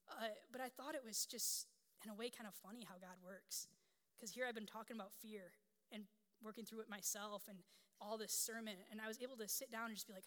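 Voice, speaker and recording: A woman's voice: on the high side, fairly quick, fairly bright tone. A woman pastor in her thirties preaching a sermon in a candid, conversational storytelling way. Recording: long hall reverb.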